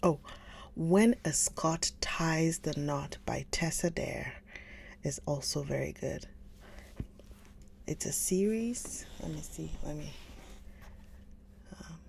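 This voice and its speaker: A woman hosting a live stream, chatting casually with viewers, gushing over books and often slipping into a soft whisper. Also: deep voice, slow pace, gravelly, pauses often, slight background noise. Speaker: livestream book reader host. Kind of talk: casual livestream chat.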